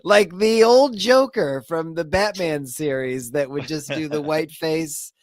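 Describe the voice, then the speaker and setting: Laid-back podcast guy, talks slow, slightly high voice, dry sound. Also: no room sound. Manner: easygoing, agreeing, laughing often. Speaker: podcast co-host. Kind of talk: casual chat.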